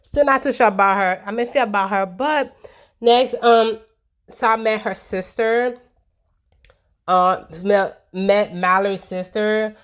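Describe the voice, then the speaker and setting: A woman talks through a reality show recap in a loose, chatty way, tossing in fillers and her own blunt opinions. Her voice sits at an ordinary middle pitch for a woman. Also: takes it slowly. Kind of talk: casual recap chat.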